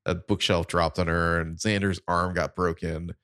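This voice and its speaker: A man's voice: low voice, little pitch movement, moderate pace, fairly bright tone, clean tone, no echo, clean studio sound. A man co-hosting a casual podcast chat, laid-back and rambling with fillers. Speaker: podcast co-host.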